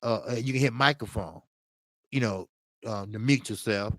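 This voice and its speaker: A man's voice: on the low side, dry recording, studio quality. A man hosting a casual boxing talk livestream, telling a funny story with slang, laughing often and tagging lines with "man". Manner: drawn-out, repeats "man". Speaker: host of a boxing talk stream.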